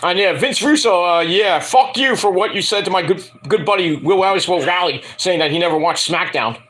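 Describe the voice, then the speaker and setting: A man's voice: high voice, a little fast, fairly bright tone. A man giving a casual, rambling wrestling review, full of fillers and profanity, who slips into angry rants. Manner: profane, ranting, hesitant with fillers.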